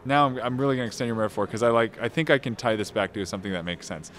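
A man being interviewed about his novel, answering thoughtfully with lots of pauses, restarts and fillers. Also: mid-range voice, fairly bright tone. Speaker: novelist guest.

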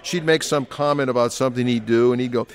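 An older man talks through a relaxed interview as a biographer, trading stories in an easy, anecdotal manner. He slips briefly into other people's voices to recount what they said. His voice sits at an ordinary middle pitch. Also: quick pace.

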